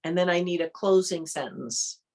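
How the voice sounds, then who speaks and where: A woman leading an online art workshop, calmly thinking aloud as she demonstrates each step. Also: fairly low pitch. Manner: calm, unhurried, thinks aloud while demonstrating. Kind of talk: online interactive workshop teaching.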